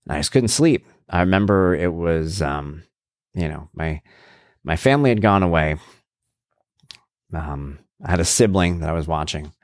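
A man's voice: low-pitched, normal speed, pauses often, dry recording, studio quality. A man in his thirties hosting his own show, speaking in a candid, reflective personal monologue full of fillers and restarts. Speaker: blogger and podcast host.

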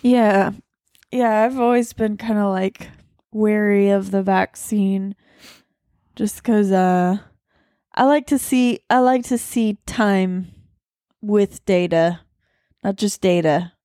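A woman's voice: mid-range voice, slow, long pauses, mellow, no room sound, clean studio sound. A woman co-hosting a casual podcast from home, rambling along with lots of fillers while lying on the floor. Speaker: podcast co-host.

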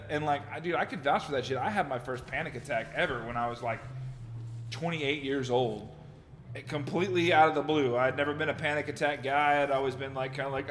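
A man's voice: mid-range voice, fairly quick, a bit bright. A man hosting a podcast, telling loose, profane stories in casual chat. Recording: reverberant room, faint noise.

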